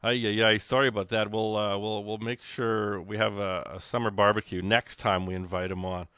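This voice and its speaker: Radio guy doing a fund drive, rambly and excitable, dry close studio mic. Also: fairly low pitch, normal speed, clean tone, dry recording. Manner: chatty, rambling, exclamatory with frequent fillers. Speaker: radio host.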